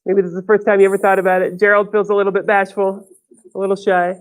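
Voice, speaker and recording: A woman reading a picture book aloud to a child, animated and encouraging, stopping to ask him questions. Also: mid-range voice, quick pace.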